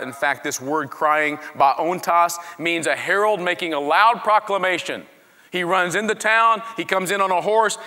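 A man preaching a sermon, swinging from quiet talk to loud, animated shouting. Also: a little high, long reverb tail. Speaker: pastor.

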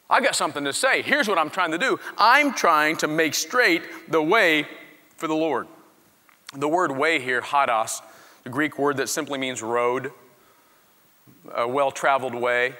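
Animated man preaching in a hall. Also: on the high side, moderate pace. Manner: animated, swings from quiet to shouting. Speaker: pastor. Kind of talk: sermon.

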